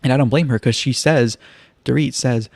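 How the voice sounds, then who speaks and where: Man, recap host, casual live stream, chatty, wry asides, medium pitch, dry sound. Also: moderate pace, gravelly, no room sound. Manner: chatty, loose, leans on "kind of" and "like"; relaxed storytelling with wry asides.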